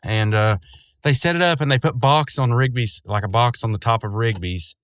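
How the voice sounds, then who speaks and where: A man loosely recapping a cartoon episode at a middle pitch, rambling along with plenty of fillers and soft chuckles. His voice sounds close and dry, with no room around it. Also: normal speed, smooth, no room sound. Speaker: show recapper.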